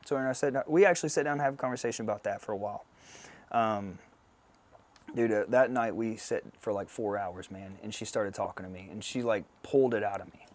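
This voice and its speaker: A man's voice: on the low side, a little fast. A man in his thirties, a podcast guest telling a personal story in a blunt, profane, casual way, laughing along. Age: 30s.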